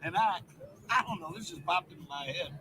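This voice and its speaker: A brash drawling Southern charmer. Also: male voice, high voice, fairly quick, sharp tone, slight background noise, rough recording. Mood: boastful. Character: brash Southern man flirting and bluffing. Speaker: film character. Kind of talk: film dialogue.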